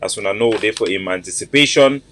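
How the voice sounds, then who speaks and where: A man's voice: on the low side, quick pace, fairly bright tone, poor audio. A man with a Cameroonian Pidgin English accent hosting a political broadcast, addressing listeners in a formal, declamatory way. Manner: formal declamatory delivery, piling up titles.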